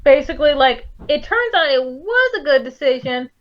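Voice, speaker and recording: A woman co-hosting a casual movie review chat, animated and swearing often. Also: high voice, moderate pace. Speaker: podcast co-host. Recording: dull lo-fi audio.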